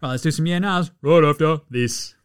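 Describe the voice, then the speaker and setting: A man's voice: on the high side, moderate pace, clean tone, faint music behind. An Australian man hosting a basketball podcast, talking in a brash, slangy way, swearing freely and laughing often. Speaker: podcast host. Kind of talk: casual sports commentary.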